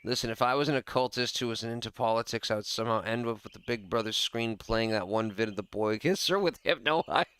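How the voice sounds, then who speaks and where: A man's voice: fairly low pitch, fast talker, few pauses, fairly bright tone, clear, resonant tone, no echo. Joking, profane man streaming a game. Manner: joking, profane, laughs often. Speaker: gaming streamer. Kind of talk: casual let's-play commentary.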